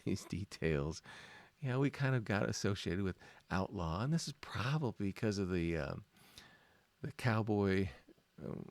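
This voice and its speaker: Low, gravelly man giving a casual lecture. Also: a little mellow, no room sound. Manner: chatty and informal, many fillers, self-deprecating. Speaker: design teacher.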